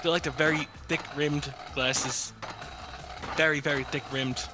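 A man's voice: fairly high pitch, fairly even intonation, measured pace, background noise. A young man cracking crude jokes in casual banter while commentating a video game with a friend. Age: young adult. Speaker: gaming channel host. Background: game music.

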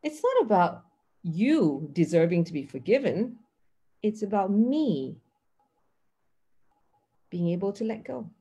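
A middle-aged woman giving a mindfulness lesson in an earnest, teacherly way. Her voice is slightly husky, and her pitch rises and falls in lively swings as she acts out little dialogues. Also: takes it slowly, pauses often. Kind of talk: teaching talk.

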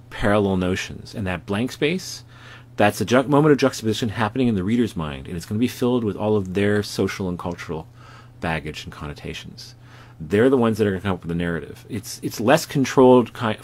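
A man lecturing on comics art from home, explaining slide examples with frequent fillers and self-corrections. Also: on the low side.

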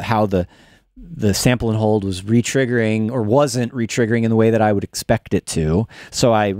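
A man's voice: fairly low pitch, darkish tone, no echo, clean studio sound. Man casually talking through a production demo. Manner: thinks aloud with restarts and "right?" tags. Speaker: music production instructor and show host. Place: studio in New York.

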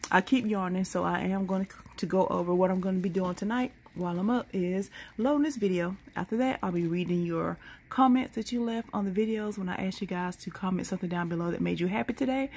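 A woman's voice: medium pitch, gravelly, a little mellow, a little hiss or hum. A sleepy woman, rambling through a casual late-night vlog into a handheld phone. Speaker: couponing vlogger.

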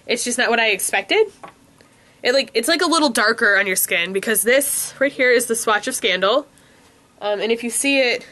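This beauty vlogger, a young woman with a stuffed-up nose, sounds fairly high-pitched, bright, and forceful. She reviews lipsticks in a casual, rambling manner, filling it with ums and likes, from a room that has a window.

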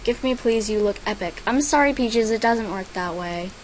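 A woman's voice: mid-range voice, moderate pace, a little hiss or hum, low-quality recording. Chatty girl narrating her game play. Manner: reads out other players' chat and names as she plays; bursts into excited squeals over gifts. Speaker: gaming vlogger. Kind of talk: casual gameplay commentary.

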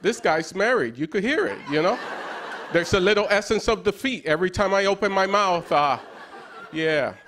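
A man in his thirties doing self-deprecating stand-up comedy on a TV stage, with a wry, joking manner and bursts of excited yelling. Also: high-pitched, normal speed. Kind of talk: stand-up set on late-night TV. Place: TV studio stage before a live audience. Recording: broadcast studio with loud crowd noise. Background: audience laughter and applause.

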